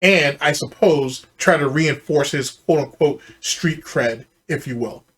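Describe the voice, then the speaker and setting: A man's voice: a little high, measured pace, a bit bright, slightly rough. A man hosting a reaction commentary, cutting in with mocking, profane, sarcastic remarks about the clip he is watching. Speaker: commentary channel host.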